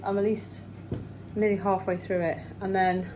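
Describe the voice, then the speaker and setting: A woman's voice: mid-range voice, level tone, moderate pace, noisy background. A woman chatting casually in a daily vlog, rambling about her day while walking outdoors, sometimes out of breath. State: out of breath at times. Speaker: vlogger.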